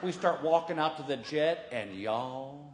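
A man's voice: a little high, animated, measured pace. A man performing a stand-up comedy routine, telling a story in a folksy way and acting out the voices of the people in it. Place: large hall before a live audience. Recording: roomy live venue sound.

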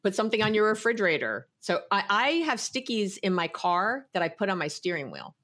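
A woman giving relationship advice in an emphatic, animated way during a casual podcast chat. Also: mid-range voice, brisk. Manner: emphatic, animated, repeats herself. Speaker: guest advice giver.

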